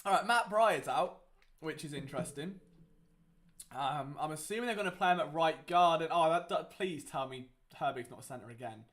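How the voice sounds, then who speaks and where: A young man talks through a live game as he watches, sarcastic and exasperated. He swings from loud outbursts to low mutters. His speaking voice sits fairly high for a man. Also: animated, normal speed. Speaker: sports watchalong host.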